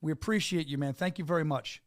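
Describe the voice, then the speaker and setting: An upbeat male podcast host who talks fast and pushes the energy like a hype man. His voice sits a bit high for a man. The sound is dry and close. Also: dry recording. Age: adult with two children. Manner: upbeat hype-man talk, quick and repetitive. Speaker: podcast host and fight announcer. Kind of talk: casual interview chat.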